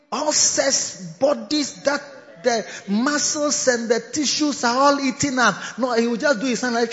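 High-voiced Ghanaian preacher in an echoey hall. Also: male voice. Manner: animated, laughing, rising to shouts. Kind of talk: sermon. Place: large church hall. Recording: echoey hall, dull lo-fi sound.

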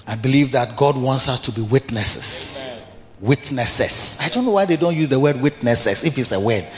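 A man's voice: medium pitch, lively intonation, normal speed. A man preaching a sermon, dramatically acting out scenes and repeating call-outs. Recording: muffled hall sound with music.

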